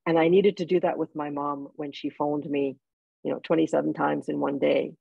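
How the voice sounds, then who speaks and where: A woman with a husky, slightly gravelly voice tells personal stories in an interview, heartfelt and halting at times. The sound is dry and a little dull, as on a lo-fi recording. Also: sits low, little pitch movement, no echo. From Jamaica. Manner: heartfelt storytelling with restarts. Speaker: author and guest. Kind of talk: interview conversation.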